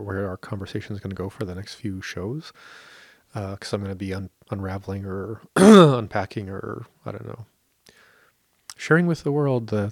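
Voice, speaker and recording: A man with a lowish voice hosts a podcast in loose, reflective conversation. He laughs easily and muses aloud about ideas. The recording is close and dry, with no room sound. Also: gravelly, dry recording. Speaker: podcast host.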